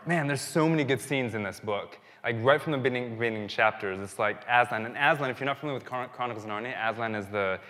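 Thirties male pastor, chatty storytelling sermon, reverberant hall. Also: lowish voice. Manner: conversational, warm-hearted storytelling with restarts. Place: church sanctuary.

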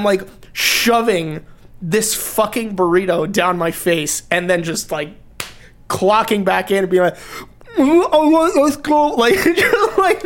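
A young man guest on a casual podcast, telling animated stories full of swearing and laughter. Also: high-pitched, slight background noise.

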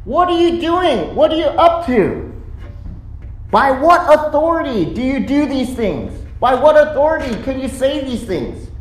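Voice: high voice, very animated, a little slow, voice pushed up. A pastor voicing indignant chief priests who mockingly challenge someone in a raised voice, recorded in an echoey sanctuary. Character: indignant scornful chief priests, group of older men.

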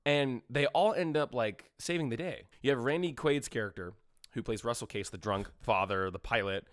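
A man's voice: mid-range voice, normal speed, dry recording, clean studio sound. A man co-hosting a casual movie podcast, talking in a rambling, profane way full of fillers. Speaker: podcast co-host.

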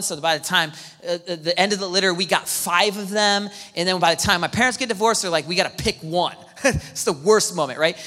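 A man's voice: high voice, sharp tone. A man preaching a sermon in a chatty way, acting out the quotes in shifting voices. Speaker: pastor. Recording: long reverb of a large hall.

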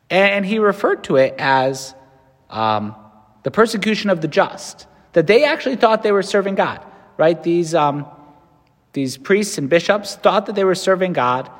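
Earnest man preaching in a reverberant hall. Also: fairly high pitch. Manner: earnest, emphatic peaks with casual asides. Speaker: priest giving a meditation. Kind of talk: spoken meditation with scripture. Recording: long reverb in a large room.

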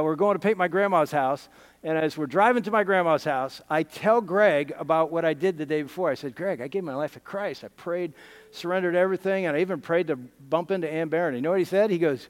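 Man preacher, middle-aged, slightly higher voice, emotive storytelling sermon. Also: long reverb tail. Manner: storytelling, swings from excited to hushed and tearful. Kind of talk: sermon testimony.

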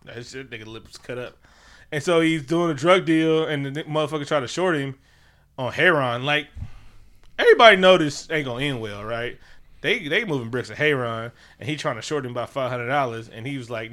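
A man co-hosting a casual chat, recapping a movie scene by scene in a profane, animated way and acting out the characters. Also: medium pitch, brisk. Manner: animated, profane, acts out characters while retelling. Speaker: podcast co-host.

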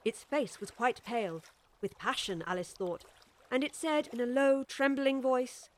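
A woman narrating a classic children's storybook in a gentle, expressive reading voice. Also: a little high, a little slow.

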